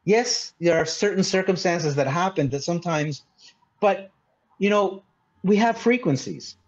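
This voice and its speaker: A man's voice: high voice, a little slow, lo-fi sound. A man from Malta, a mindset consultant, explaining earnestly in a casual interview, often restarting and saying "you know". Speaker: mindset consultant, podcast guest.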